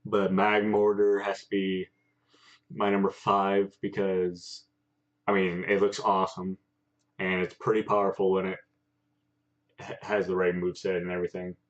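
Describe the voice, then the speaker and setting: A man co-hosting a casual chat, speaking haltingly with many pauses. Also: low-pitched, completely flat delivery. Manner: halting, many fillers and restarts. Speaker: co-host. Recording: dull lo-fi sound.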